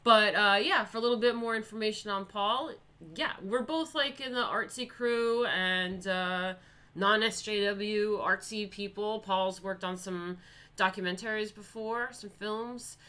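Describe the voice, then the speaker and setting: A woman's voice: medium pitch, unhurried, pushed and bright, clear, resonant tone. A woman with a New York accent hosting a casual late-night stream, rambling and swearing freely while getting over the flu. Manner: rambling and profane. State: sick with the flu. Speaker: host.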